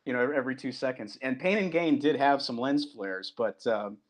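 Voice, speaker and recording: A comic book creator, appearing as a guest, chats animatedly in a casual interview, acting out movie lines and restarting often. His voice sits at medium pitch and moves at a normal speed.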